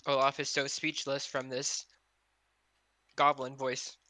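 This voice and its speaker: A male tabletop player who asks plain, curious questions. His voice is strikingly bright and sharp-edged, and his home mic on the voice call sounds dry and close. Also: medium pitch, monotone, slow, dry recording. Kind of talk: casual tabletop play over voice chat.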